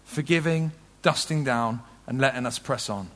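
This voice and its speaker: A man preaching a sermon with passion, swinging from loud urgent peaks to soft low moments. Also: normal speed, long reverb tail. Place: large tent.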